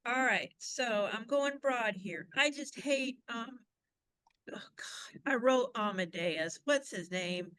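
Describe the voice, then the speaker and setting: Blunt bright-voiced woman ranting. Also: a little high, takes it slowly, few pauses, no room sound, rough recording. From American South. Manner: blunt, animated ranting with whispered asides. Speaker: panelist. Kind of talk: casual fan chat.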